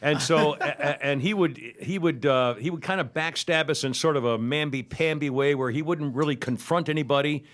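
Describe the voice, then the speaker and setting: A man telling a story in casual chat as a guest, animated and full of restarts. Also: fairly high pitch, moderate pace, few pauses, a crowd in the background. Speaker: talk radio host guest.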